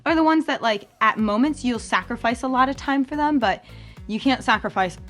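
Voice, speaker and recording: A young adult woman hosting a campus ministry podcast in a chatty, bubbly way, full of fillers and with high-pitched quoted voices. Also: a little fast, fairly bright tone, soft background music. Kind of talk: casual chat.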